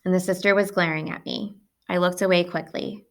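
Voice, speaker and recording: A woman's voice: fairly low pitch, fairly even intonation, a little fast. A woman reading a novel aloud in plain first-person narration. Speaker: audiobook reader.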